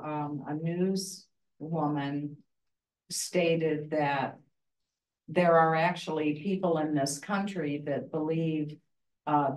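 A woman with a very low voice talking slowly, heard from afar in an echoey room. She is a class member reporting something she heard. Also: a little mellow. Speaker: class participant. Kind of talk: comment in a church class. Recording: echoey room, mic far off.

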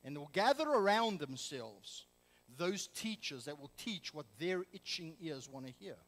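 A man's voice: a little high, sing-song, moderate pace, a bit bright, long reverb tail, poor audio. A man preaching a sermon as pastor, emphatic and full of rhetorical questions. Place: church sanctuary.

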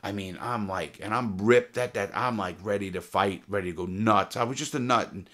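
A former jewel thief telling his prison stories in a casual, profane, animated way, full of restarts. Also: on the low side, normal speed. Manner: profane, animated, heated retelling with many restarts. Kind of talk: casual storytelling to camera.

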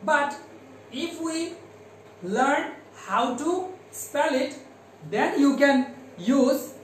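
A man with a Bangladeshi accent teaching English to primary pupils, slowly spelling words letter by letter and drilling their pronunciation. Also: very high-pitched, expressive, fairly bright tone, very echoey, distant mic, slight background noise, low-quality recording. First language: Bengali. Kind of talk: classroom lesson.

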